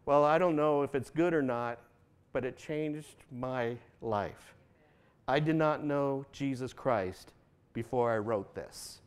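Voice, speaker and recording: A man gives a sermon in a loose, chatty way, turning to the congregation with questions and voicing the people in his stories. His voice is smooth and resonant and sits a little high for a man. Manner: conversational, asks the audience questions, acts out quotes with rising pitch. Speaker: pastor.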